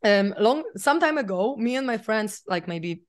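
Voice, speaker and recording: A woman's voice: medium pitch, animated, normal speed. A woman, a podcast guest telling a personal story in a chatty way, full of fillers. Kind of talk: casual interview storytelling.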